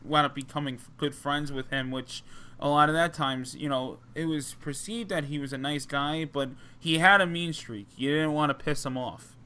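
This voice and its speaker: A man with a New Jersey accent tells a long, winding story on a talk show. His voice is bright and crisp. It is full of ums and restarts. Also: fairly high pitch, normal speed. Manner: rambling, many fillers and restarts. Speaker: podcast co-host. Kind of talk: casual storytelling chat.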